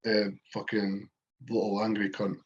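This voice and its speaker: A man's voice: on the low side, measured pace, lo-fi sound. A Scottish man co-hosting a podcast, telling backstage stories in casual chat with lots of swearing. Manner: swears freely, animated storytelling. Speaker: podcast co-host.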